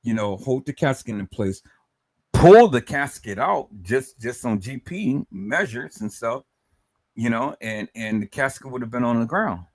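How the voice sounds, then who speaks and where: A livestream host with a mid-range voice and lively intonation speaks a little slowly. Emotional and emphatic, he repeats words and stammers while calling his viewers "people".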